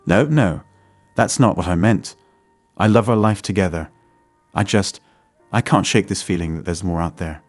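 A man's voice: low voice, moderate pace, no room sound, faint music behind. A man voicing a restless young wife who is earnestly and defensively arguing for an open marriage.

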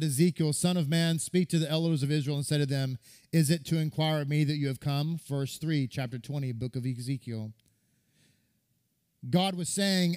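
A man's voice: fairly high pitch, darkish tone. A man, a rabbi, giving a sermon that retells a midrash, reading and quoting scripture and repeating words for stress.

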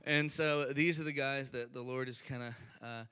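A man from Alabama with a Southern American accent, a missionary giving an eager, chatty sermon introduction, laughing often and filling pauses with fillers. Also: medium pitch, fairly even intonation, sharp tone, clear, resonant tone. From Alabama, USA. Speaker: guest speaker, missionary. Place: church sanctuary. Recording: long church hall reverb.

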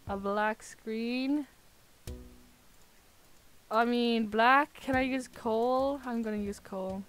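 A woman's voice: a little high, takes it slowly, long pauses, faint music behind. A woman streaming a building game, chatting in a self-mocking way and breaking into laughs and squeals. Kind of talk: casual game-stream commentary.

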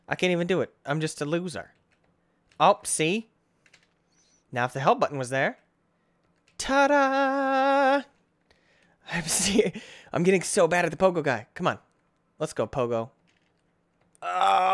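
A young man giving excitable playthrough commentary, breaking into sudden high yelps and self-mocking groans. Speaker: gaming channel host.

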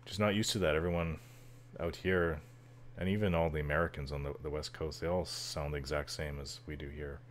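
A man's voice: very deep voice, fairly even intonation, a little fast, a little hiss or hum. A man chatting casually over gameplay, rambling with lots of fillers and frequent chuckles. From Canada. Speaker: gameplay commentator. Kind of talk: casual let's-play chatter.

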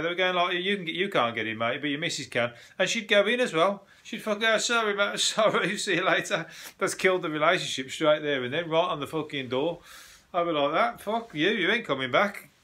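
A man hosting a solo comedy podcast, riffing on news stories in a deadpan, sweary manner with quick laughs. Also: fairly high pitch. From United Kingdom.

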